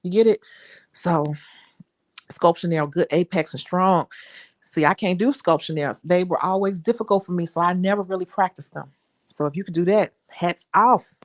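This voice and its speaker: A young adult woman with a Chicago accent, a nail technician chatting to her viewers in an animated, talkative way. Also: lowish voice, normal speed. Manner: chatty, animated storytelling, says y'all. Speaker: nail technician and channel host. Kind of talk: casual chat to viewers.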